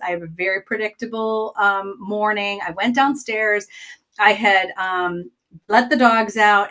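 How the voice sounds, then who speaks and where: A woman who is a trained counselor, talking as a guest in a casual interview and telling a personal story in a chatty, expressive way. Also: medium pitch. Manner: chatty and expressive, many "like" and "um" asides.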